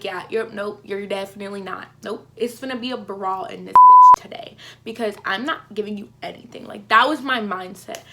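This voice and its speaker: A young woman vlogging a casual storytime, animated and full of "like", acting out what people said. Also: medium pitch, a little hiss or hum. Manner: animated, heavy use of "like", acts out quotes.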